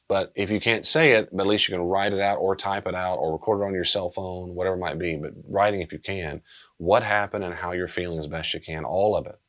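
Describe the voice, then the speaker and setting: A man speaking as a pastor and counselor, earnest and gentle, often repeating key phrases as he teaches. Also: low voice.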